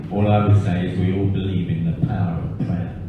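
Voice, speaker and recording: A man interviewing a couple in a church service, asking measured, gentle questions. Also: low voice, fairly even intonation, far from the mic, heavy background noise. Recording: echoey hall, thin phone-like sound, faint ambience.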